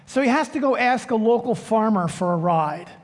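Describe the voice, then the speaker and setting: A man preaching a sermon as pastor, telling a joke in a relaxed, unhurried way before the scripture reading. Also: high voice. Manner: unhurried, joking storyteller. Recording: long church reverb.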